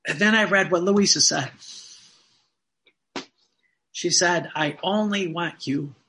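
A man delivering a fervent sermon in a high, very bright voice. He talks earnestly, repeating key phrases for emphasis and reading passages aloud. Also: slow. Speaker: preacher.

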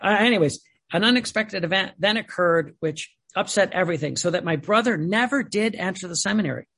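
A man reading aloud and commenting on a spiritual text, telling stories in a digressive, animated way. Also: high-pitched, a little fast, creaky, slightly rough. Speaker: religious teacher.

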